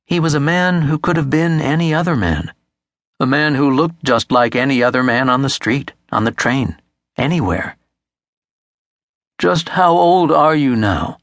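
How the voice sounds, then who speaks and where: Close-miked in a studio, a medium-pitched male narrator reads a literary novel for an audiobook. His manner is steady and measured, and no room sound comes through.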